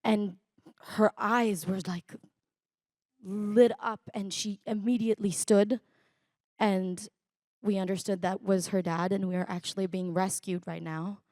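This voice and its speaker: A young woman, a guest recounting her personal story in an interview, reflective and halting, with many fillers. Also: mid-range voice, steady tone, a little mellow, no room sound, clean studio sound. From Israel. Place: conference stage.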